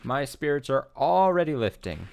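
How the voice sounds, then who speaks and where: A man's voice: medium pitch, sing-song, normal speed, gravelly, lo-fi sound, a little hiss or hum, voice pushed up. A man voicing a doting husband who sweet-talks his wife with exaggerated, playful affection.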